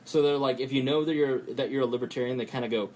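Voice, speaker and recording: A man hosting a podcast, talking in a rambling, profane way and breaking into quick impressions. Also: medium pitch, fairly even intonation, darkish tone. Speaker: podcast host. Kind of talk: casual podcast chat.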